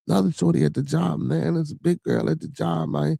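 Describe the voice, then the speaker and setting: A man's voice: on the high side, brisk, gravelly, few pauses, mellow, slightly rough, dry recording, studio quality. A man hosting a livestream podcast, rambling in casual, profane chat and talking back to his viewers. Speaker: podcast host.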